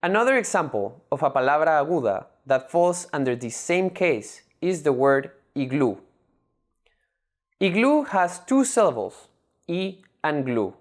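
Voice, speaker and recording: Lively voice teaching a lesson. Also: medium pitch. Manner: measured, spells words out syllable by syllable. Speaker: language teacher. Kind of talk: scripted lesson narration.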